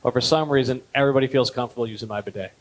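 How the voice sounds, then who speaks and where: A man in his thirties doing a stand-up comedy set at a gala, telling stories deadpan and jumping up in pitch on punchlines. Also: very fast, low-quality recording. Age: 30s. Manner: deadpan storytelling, with lively jumps in pitch on punchlines. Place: gala event hall.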